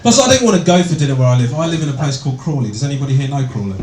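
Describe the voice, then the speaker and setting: A man doing a stand-up comedy set, deadpan and sardonic, with plenty of swearing. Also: medium pitch, rapid-fire. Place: small comedy venue, indoors, with audience. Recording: echoey room, distant, loud noise. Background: audience laughter.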